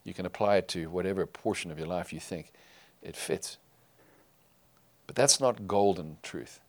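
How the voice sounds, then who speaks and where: A man preaching a sermon to his congregation, emphatic, rising loud and falling quiet. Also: sits low, moderate pace. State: tearful while reading scripture. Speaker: pastor.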